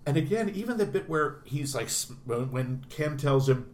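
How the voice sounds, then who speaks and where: In a casual film discussion, a man with a medium-pitched, lively voice talks briskly and animatedly, acting out the lines he quotes. The recording is roomy with faint noise.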